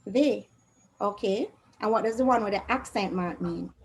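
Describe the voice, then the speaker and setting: A woman's voice: mid-range voice, moderate pace, slight background noise, rough recording. Patient woman teaching Spanish. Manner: patient, quizzes students with questions. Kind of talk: online revision class.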